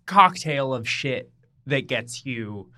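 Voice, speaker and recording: A man's voice: medium pitch, lively intonation, slow, bright, forceful tone. A young man co-hosting a casual chat, wry and profane. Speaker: podcast co-host.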